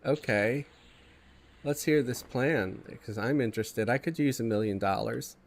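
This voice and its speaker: A man's voice: mid-range voice, unhurried. A man with a stuffy, congested morning voice, casually chatting with viewers while streaming a game and reading chat aloud. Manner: laid-back, chuckling, reads chat aloud.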